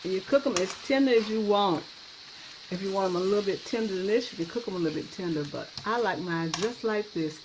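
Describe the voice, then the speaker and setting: A woman's voice: medium pitch, fast. A woman hosting a cooking channel, talking casually and enthusiastically as she shows and tastes her dish. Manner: chatty and enthusiastic, tastes food on camera. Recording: noisy kitchen with clattering dishes.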